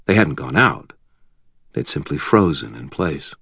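A very deep-voiced man narrates a first-person fantasy audiobook with wry, vivid, very animated delivery and tense yet unhurried pacing. His voice is creaky, husky, and a bit bright, captured in a close, completely dry studio recording.

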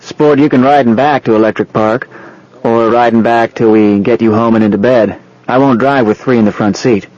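A man reading an audiobook, voicing an earnest young soldier in love, in a measured, plain voice. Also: medium pitch, steady tone, darkish tone, dry recording, highs cut off, close to an everyday voice. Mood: affectionate. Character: smitten young male soldier, earnest and admiring.

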